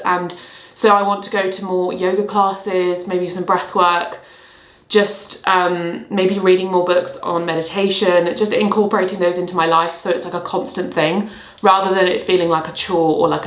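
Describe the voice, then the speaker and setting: Woman vlogging at home, low-ish voice, chatty and rambly, echoey bathroom sound. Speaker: lifestyle vlogger. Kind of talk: casual vlog chat while tidying.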